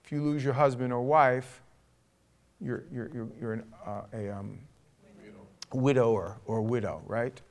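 A man's voice: medium pitch, unhurried, pauses often. Man preaching with a drawl. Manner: conversational, acts out dialogue, rising to forceful exhortation. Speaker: pastor. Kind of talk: sermon storytelling.

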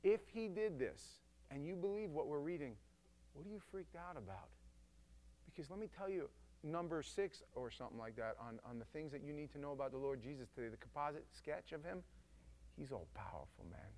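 A male preacher giving a casual, emphatic sermon that swings from loud to hushed. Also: on the high side, expressive, fairly quick.

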